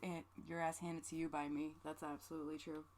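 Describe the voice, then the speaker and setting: A woman's voice: sits low, flat delivery, a little fast, darkish tone, slight background noise. A woman livestreamer chatting casually, rambling and joking with some swearing, emotional and close to tears. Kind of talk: casual stream chat.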